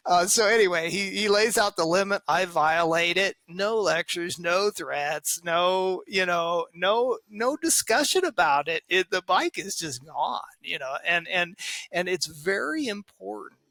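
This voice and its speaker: On a podcast, a man interviewed as a parenting expert tells stories with animated energy, acting out the voices he quotes and laughing often. His voice is high, gravelly and a little slow, and the recording is dry.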